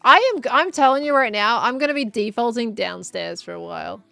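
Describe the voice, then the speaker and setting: An Australian woman streamer rambling in casual chat while she plays a game, chatty and quick to giggle. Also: fairly high pitch, gravelly, bright, forceful tone, smooth, dry recording, soft background music.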